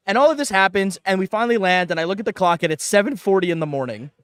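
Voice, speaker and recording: A man on a panel show telling a long comic anecdote, animated, with quoted asides and laughter. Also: high-pitched, very fast, few pauses, no echo. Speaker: panel guest. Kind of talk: casual storytelling on a live panel show.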